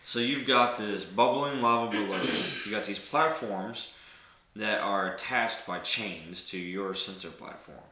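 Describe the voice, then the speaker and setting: Brief: man as game master, easygoing descriptive narration, low bright voice, roomy sound. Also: measured pace. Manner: relaxed, descriptive narration with frequent laughs.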